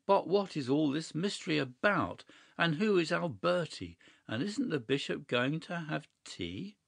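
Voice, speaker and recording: A man's voice: a little high, expressive, unhurried, gravelly, fairly bright tone, no echo, clean studio sound, voice pushed up, exaggerated voice. Man voicing a flustered indignant squire. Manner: agitated, protesting, stammering. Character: flustered indignant middle-aged country squire.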